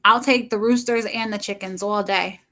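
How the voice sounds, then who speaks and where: A woman's voice: mid-range voice, steady tone, moderate pace, a bit bright. A middle-aged woman chatting casually with viewers on a livestream from home, rambling and laughing often.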